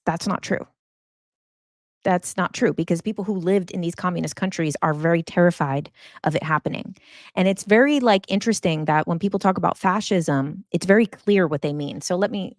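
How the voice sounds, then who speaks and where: A woman's voice: fairly low pitch, no echo, clean studio sound. A woman host, talking in a casual, emphatic monologue full of fillers. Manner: chatty, emphatic, many fillers. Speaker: podcast host.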